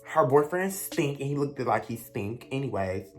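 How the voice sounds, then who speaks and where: Sassy young woman with lively pitch. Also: moderate pace, soft background music. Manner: sassy, blunt, gossipy. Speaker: vlogger. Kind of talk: storytime rant.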